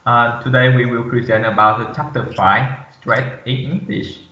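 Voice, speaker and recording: Young man, student presenter, halting reading, echoey room, distant muffled mic. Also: medium pitch, steady tone, sharp tone. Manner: halting, reads aloud with frequent "uh" fillers. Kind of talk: class presentation read from slides.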